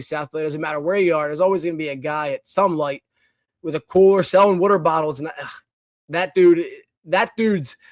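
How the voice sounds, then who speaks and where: A young man from the Philadelphia area hosts a loose, rambling podcast rant, tripping over restarts and fillers. His voice sits fairly high, and the recording is dry and close with no room sound. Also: no echo. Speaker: podcast host. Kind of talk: casual opinion segment.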